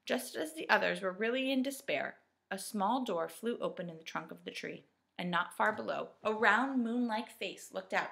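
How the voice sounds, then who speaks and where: Bright, gravelly woman reading a storybook. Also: mid-range voice, moderate pace. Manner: lively, expressive. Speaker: reader. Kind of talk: storybook narration.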